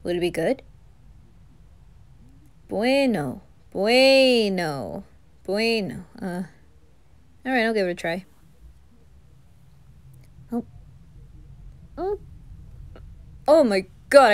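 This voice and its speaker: A woman's voice: mid-range voice, lively intonation, takes it slowly, long pauses. A woman voicing a chatty, playful teenage boy who gushes over food in a whispered role-play.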